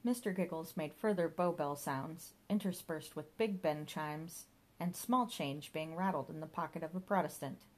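A woman's voice: sits low, moderate pace. A woman narrating a comic audiobook in a dry storytelling manner.

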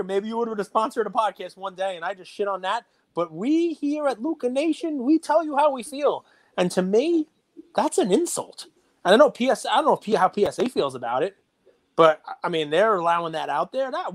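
A man co-hosting a podcast, talking casually and getting animated and worked up. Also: high voice, brisk. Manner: animated, gets worked up and loud. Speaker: podcast co-host.

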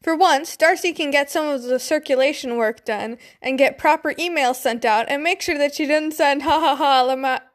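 High-voiced young woman reading aloud. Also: normal speed, hardly any pauses. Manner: giggly, swears, chatty tangents. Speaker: fanfiction reader. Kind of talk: casual reading aloud with asides.

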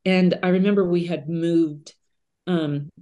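A woman's voice: lowish voice, steady tone, takes it slowly, warm tone. A middle-aged woman, a podcast guest, telling personal stories in an earnest, conversational way with casual fillers. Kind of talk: reflective personal storytelling.

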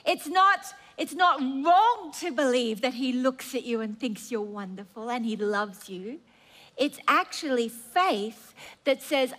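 A woman preaching a sermon in an earnest, emphatic way, with drawn-out phrases and stammering restarts. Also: high voice, lively intonation, fairly bright tone.

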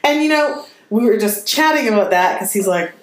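A woman's voice: a little high, animated, normal speed. A woman co-hosting a podcast, talking earnestly and at length in a casual chat. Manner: earnest and talkative, laughs easily. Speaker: podcast co-host. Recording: roomy echo with faint noise.

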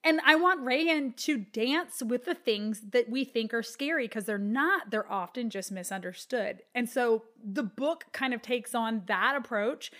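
A woman's voice: on the high side, a bit bright. A woman in her thirties with a Texan accent, speaking as an interview guest and telling a heartfelt personal story with lots of fillers. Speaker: guest, children's book author. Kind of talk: conversational interview.

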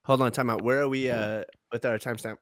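A man's voice: medium pitch, fairly even intonation, fast talker, slight background noise. A man co-hosting a podcast, chatting in a slangy, profane, laid-back way. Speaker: podcast co-host. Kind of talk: casual chat among friends.

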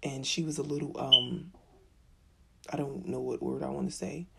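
A woman chatting casually about motherhood, candid and profane, with a very raspy voice and animated, slangy asides. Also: extremely low pitch, normal speed, very noisy. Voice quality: very raspy, husky. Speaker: mom telling stories about parenting. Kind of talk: casual storytelling chat.

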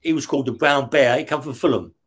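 In a slightly rough, mid-range voice at a quick pace, a West London ex-prisoner shares his story in an interview. He talks casually with a London accent, swears often, and keeps checking in with "yeah?".

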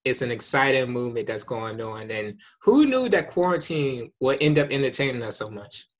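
A man's voice: mid-range voice, animated, moderate pace. A man co-hosting a casual chat, laid-back and persuasive. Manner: laid-back, persuasive, keeps saying "hey, look". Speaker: co-host.

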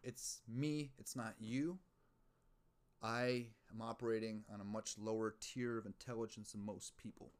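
A podcast host with a fairly low voice talks in a loose, rambling way. He swears freely and thinks out loud. He mocks himself as he goes. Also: steady tone, unhurried. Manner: rambling, profane, self-mocking, muses aloud. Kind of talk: casual rambling monologue.

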